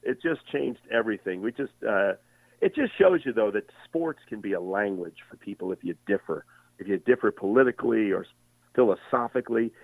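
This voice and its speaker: A man's voice: on the low side, brisk, no room sound. Older man storyteller on a tinny phone line. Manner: animated storyteller with many voices. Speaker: veteran sports broadcaster, guest. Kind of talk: storytelling interview.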